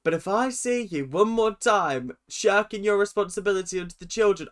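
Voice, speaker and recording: A man talking casually through a reaction video, chatty and animated, laughing often and breaking into exaggerated outbursts. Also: sits high, a little fast, few pauses.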